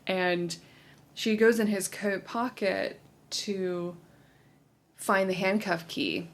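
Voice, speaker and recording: A woman's voice: medium pitch, steady tone, takes it slowly. A woman in her late thirties co-hosting a podcast, animatedly retelling film scenes in casual talk, full of "like". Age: late 30s. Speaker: podcast co-host.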